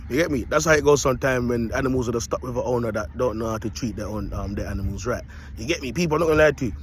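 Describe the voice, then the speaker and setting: Vlogging into a phone outdoors in a park, a man with a mid-range voice speaks in a casual motivational style, streetwise and preachy, repeating "you get me." There's a little hiss or hum.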